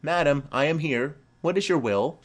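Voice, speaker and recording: A man's voice: on the high side, normal speed, voice pushed up, lightly acted. A man reading the part of a reserved young noblewoman giving polite, brief replies. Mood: dutiful.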